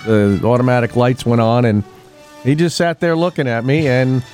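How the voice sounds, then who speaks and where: A man's voice: medium pitch, fairly even intonation, normal speed, a little mellow, soft background music. A man hosting a casual local radio show, chatting in a rambling way with many fillers and restarts. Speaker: radio host. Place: radio studio.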